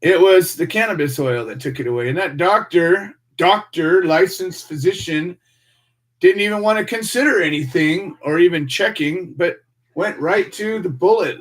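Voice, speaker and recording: A man's voice: high-pitched, normal speed. An American man hosting a radio show, delivering a fiery, preachy monologue full of rhetorical questions and emphatic repetition.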